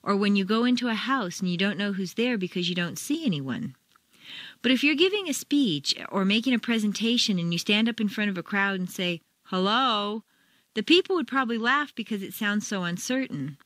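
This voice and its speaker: American woman, accent-training narrator, very animated intonation, dry close-miked studio read. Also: mid-range voice, brisk, no echo. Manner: exaggerated intonation for demonstration. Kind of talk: scripted instructional reading.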